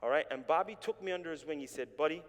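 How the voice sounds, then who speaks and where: A man's voice: fairly high pitch, quick pace. A man from Canada preaching a sermon in a church, telling his story with animation and calling on the congregation to respond. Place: church sanctuary. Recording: reverberant church hall.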